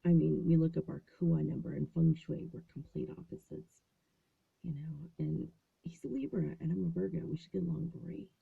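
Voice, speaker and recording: A woman's voice: low-pitched, moderate pace, gravelly, slightly rough. A woman in her fifties hosting a show, telling a story in a chatty, casual way from a small closet at home. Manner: chatty, acts out quoted voices. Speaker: host. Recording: phone-like narrow sound.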